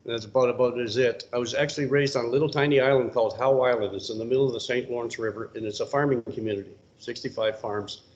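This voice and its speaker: An older man from Ontario telling stories about his early military career in a relaxed, rambling way at a library talk. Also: fast talker, few pauses. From Ontario, Canada. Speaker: retired soldier giving a talk. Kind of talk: casual storytelling talk. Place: public library event room. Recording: muffled low-fidelity recording.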